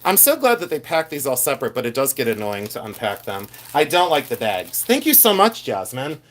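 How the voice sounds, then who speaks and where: A man's voice: medium pitch, very animated, fairly quick, a little hiss or hum. A middle-aged man hosting a live reseller stream, chatting animatedly and reading viewer comments aloud as he shows his finds. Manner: mimics shouting collectors for laughs. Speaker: reseller host. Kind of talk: live-stream show-and-tell chat.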